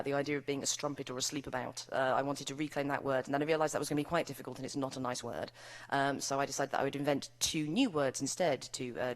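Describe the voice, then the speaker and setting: A British woman author speaking at a live event, then reading her novel aloud with wry, bawdy comic delivery. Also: very deep voice. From United Kingdom. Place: live event before an audience.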